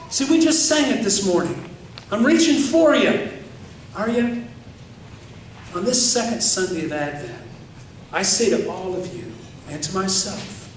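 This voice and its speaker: A man's voice: high voice, expressive, normal speed, a bit bright, a little hiss or hum. A man preaching a sermon as pastor, emphatic and repetitive, often asking the congregation questions. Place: church sanctuary. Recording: echoey church hall from far off.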